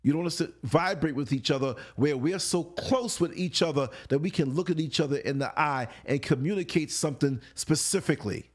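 A man's voice: on the high side, brisk, few pauses. A man on a late-night talk show, telling stories animatedly, laughing often and acting out grunts and voices. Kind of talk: late-night casual storytelling.

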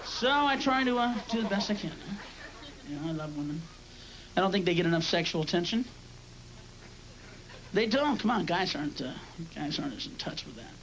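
A man's voice: high voice, lively intonation, fairly quick, long pauses, fairly bright tone. A male stand-up comedian performing live on a club stage, with profane, explosive screaming outbursts. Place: comedy club stage before a loud audience. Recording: lo-fi live club recording, roaring crowd.

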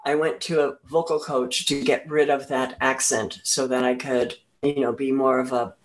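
A woman in her sixties from New Jersey, a guest recalling her career in a rambling, halting way. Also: very deep voice, flat delivery, low-quality recording. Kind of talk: casual interview, reminiscing.

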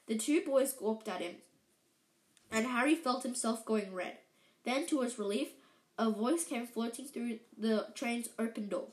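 Woman reading a storybook aloud, halting. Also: on the high side, expressive. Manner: halting, with slips and self-corrections. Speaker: reader. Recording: echoey room.

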